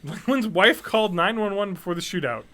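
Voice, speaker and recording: A man's voice: sits high, expressive, a little fast, sharp tone. A man co-hosting a casual podcast, reading out odd news stories with sardonic jokes. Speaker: podcast co-host.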